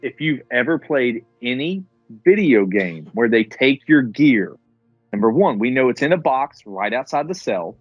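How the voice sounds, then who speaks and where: Podcast co-host, man; expressive swearing storyteller, slightly dull, lo-fi mic. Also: medium pitch, unhurried, slightly rough, dry recording, faint music behind. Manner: animated, profane storytelling. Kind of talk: casual chat about a movie.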